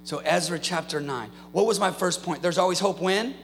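A man's voice: high-pitched, moderate pace, vocal fry. A man preaching a sermon to a congregation, with rhetorical questions and passionate prayer. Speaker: pastor. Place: church sanctuary. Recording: hall reverb, faint mains hum.

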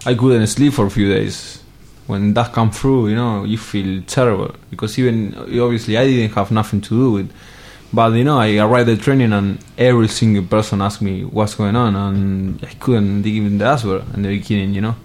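A man speaks in a fairly low voice. His English comes out halting, with the grammar of a Spanish speaker. He chats as a guest in a relaxed interview. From Argentina. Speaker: guest footballer. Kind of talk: casual interview chat.

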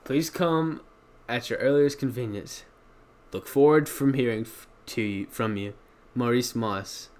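A man quoting an awkward, clueless, stiff male office nerd in a flat, deadpan voice. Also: mid-range voice, a little slow, close to an everyday voice.

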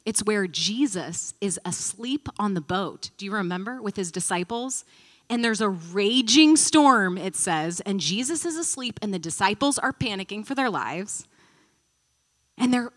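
A woman's voice: medium pitch, normal speed. A woman teaching a Bible study in a conversational, thinking-aloud way, acting out the stories she tells. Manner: animated storyteller, acting out quotes.

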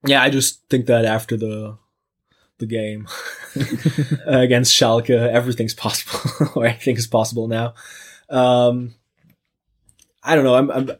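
A man answering interview questions as a podcast guest, hesitant and searching for words. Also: medium pitch. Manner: hesitant, many fillers and restarts.

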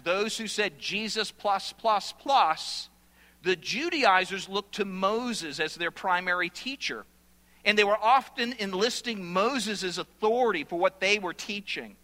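Guy preaching, bright high voice, gets loud and fired up, echoey church. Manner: animated preaching with sudden loud bursts. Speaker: pastor. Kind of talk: sermon. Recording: long hall reverb.

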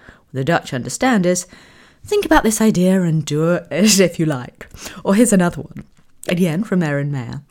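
A woman's voice: on the low side, normal speed. A British woman giving a lecture, talking with frequent laughter and fillers. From Britain. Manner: laughs often, fillers, animated when amused. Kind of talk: lecture on cultural communication.

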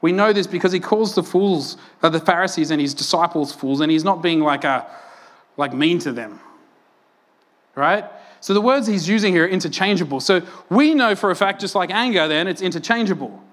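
A man preaching a sermon, telling stories and acting out quotes with lively energy. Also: high voice, a little fast. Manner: animated storytelling, acts out quotes loudly. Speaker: pastor.

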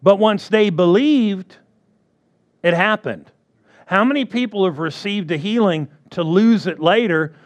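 A man's voice: high voice, measured pace. A man preaching a sermon who repeats his key phrases and keeps asking the congregation for agreement.

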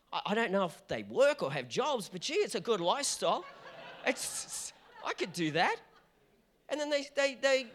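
Australian man, pastor, fervent sermon, high voice, lively swooping delivery. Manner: passionate and animated, with repeated restarts.

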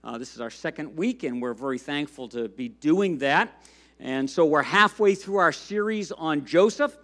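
A man's voice: a little high, lively intonation, moderate pace, a bit bright. A man preaching a sermon in a conversational way, with frequent fillers, and reading a storybook aloud to the congregation. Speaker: pastor.

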